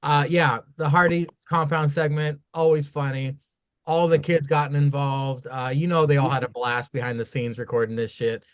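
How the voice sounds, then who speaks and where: A man co-hosting a casual wrestling review podcast, talking in a profane, animated, rambling way. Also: fairly high pitch, moderate pace, clear, resonant tone. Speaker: podcast co-host.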